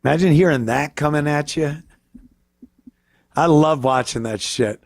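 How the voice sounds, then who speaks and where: A man's voice: fairly high pitch, unhurried, vocal fry, dry recording, studio quality. A male host ranting in a crude, profane, rambling way on a casual comedy podcast.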